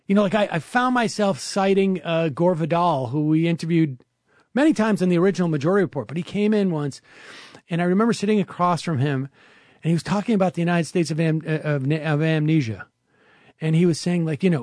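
A middle-aged male talk show host giving reflective political commentary, often pausing and restarting his sentences. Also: high-pitched, darkish tone, no echo, clean studio sound. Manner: reflective, halting, many restarts.

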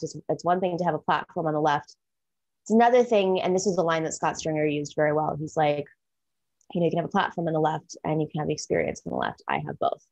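A woman hosting a political talk show, talking in an animated, rambling and self-deprecating way. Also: sits low.

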